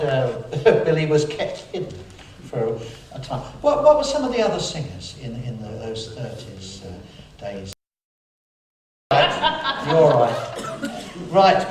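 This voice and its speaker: An older man, presenting a live lecture-recital from the piano in a chatty, halting, chuckling way. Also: fairly high pitch, a little hiss or hum. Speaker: pianist and presenter. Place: theatre stage with a live audience. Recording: echoey hall, distant mic, loud piano.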